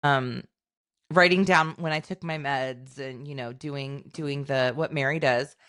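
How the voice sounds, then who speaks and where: Low-pitched woman in her forties, podcast co-host, lively storyteller who acts out quotes. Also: unhurried. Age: 40s. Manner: animated storytelling, acting out voices in quotes. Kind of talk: casual chat.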